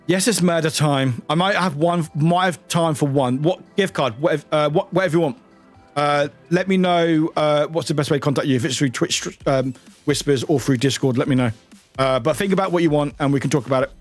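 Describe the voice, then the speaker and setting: A tired British man streaming live, chatting in a rambling, excitable way and swearing now and then. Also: a little high, a little fast, faint music behind. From United Kingdom. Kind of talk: casual livestream chat.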